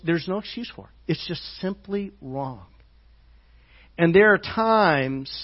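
A man preaching a sermon as pastor, halting with many fillers and dropping soft and slow on tender lines. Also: fairly high pitch. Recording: dull lo-fi church audio.

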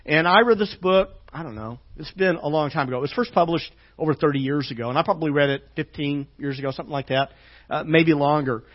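A male pastor preaching a sermon in a fairly high voice, halting and full of fillers. He often sinks to a hushed, slow delivery on tender lines. The church recording sounds dull and lo-fi.

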